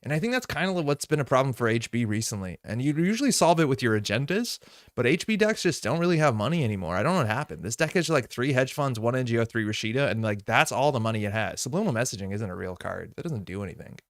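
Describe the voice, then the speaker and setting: Young man, streamer, casual chat, laughs a lot, mid-pitched voice, dry close recording. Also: lively intonation, quick pace, no room sound. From Montreal. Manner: laughs often, chatty, greets viewers.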